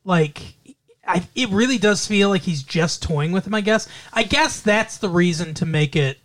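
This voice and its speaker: This podcast co-host rambles through movie plots in loose, animated casual chat. The voice sits at an ordinary middle pitch and wanders from point to point. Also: moderate pace.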